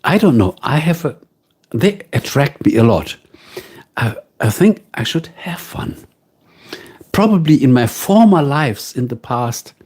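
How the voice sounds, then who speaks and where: Slow-talking German-accented man, husky and mellow. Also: medium pitch. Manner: slow, musing, greets viewers by name. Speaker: livestream host. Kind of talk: casual live-stream chat.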